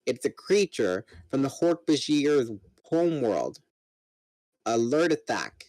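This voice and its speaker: A formal young alien warrior, read by a man doing the voices, speaks in a lower, measured and urgent tone. He talks slowly and carefully. The sound is dry and close. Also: very animated, a little mellow, dry recording, rough recording.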